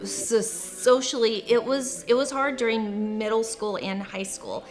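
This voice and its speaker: A woman's voice: on the high side, steady tone, unhurried, over music. Woman who stutters, comedian. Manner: stutters with sound repetitions and blocks. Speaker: stand-up comedian. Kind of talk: documentary interview.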